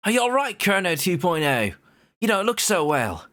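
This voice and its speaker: A man's voice: high voice, sing-song, normal speed, sharp tone, heavily acted. A man putting on a brash Aussie girl thief. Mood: wary. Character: spunky young female thief, Australian accent.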